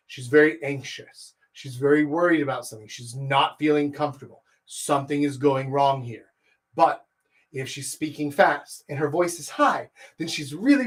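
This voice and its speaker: A man in a somewhat high register runs a live coaching session, talking straight to his viewers. He keeps it animated, pushing his voice up and down and speeding up or slowing down to show what he means, with plenty of rhetorical questions along the way. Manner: animated, shifts pitch and speed to demonstrate. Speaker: dating coach. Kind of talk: livestreamed coaching lecture.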